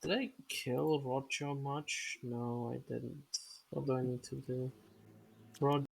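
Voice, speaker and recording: A man in casual gaming chat with a co-player, relaxed and chatty, swearing now and then. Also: medium pitch, takes it slowly, creaky, slightly rough.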